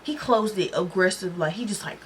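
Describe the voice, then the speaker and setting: Fast-talking young woman telling a story. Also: fairly low pitch, slight background noise. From Atlanta, Georgia. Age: young adult. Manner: animated storytelling with quoted voices; casual slangy talk. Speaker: vlogger. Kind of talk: storytime vlog.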